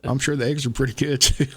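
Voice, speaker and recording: A man's voice: medium pitch, slightly rough. A man co-hosting a radio talk show, pressing the same questions over and over. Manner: insistent, keeps repeating his questions.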